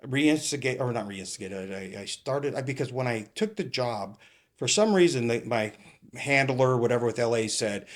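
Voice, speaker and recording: A man's voice: mid-range voice, animated, normal speed. Middle-aged retired cop guy, rambly storyteller, cusses a bit, acts out the quotes. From California. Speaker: retired police captain, podcast guest. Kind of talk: casual storytelling interview.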